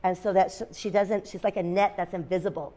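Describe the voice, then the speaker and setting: A woman's voice: medium pitch, steady tone, brisk, dark tone. A woman teacher in a classroom, reading a picture book aloud to young children, asking them questions and making animal sounds. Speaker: kindergarten teacher.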